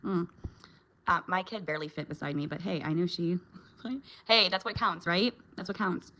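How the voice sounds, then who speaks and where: Bright-voiced chatty woman vlogger. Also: on the low side, moderate pace, slight background noise. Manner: chatty, laughs often, reacts to viewer comments. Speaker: vlogger and mom. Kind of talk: casual chat with viewers.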